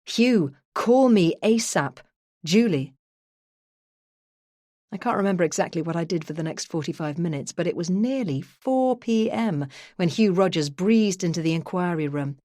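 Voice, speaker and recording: A woman narrating a first-person true crime audiobook in a measured, even storytelling manner. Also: fairly low pitch, dry recording, studio quality.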